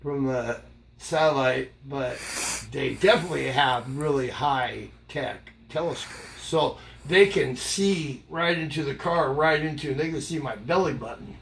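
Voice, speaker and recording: An older man telling a rambling, humorous story in a casual way, jumping up in pitch to act out the voices he quotes. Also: measured pace, gravelly. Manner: animated, acts out quoted voices with jumps in pitch. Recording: loud background noise.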